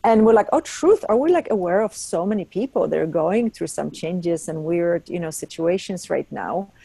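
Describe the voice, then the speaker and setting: A woman's voice: lowish voice, moderate pace, vocal fry, warm tone, husky, no echo. A woman co-hosting a casual chat, telling stories animatedly, acting out quotes and laughing often. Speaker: co-host.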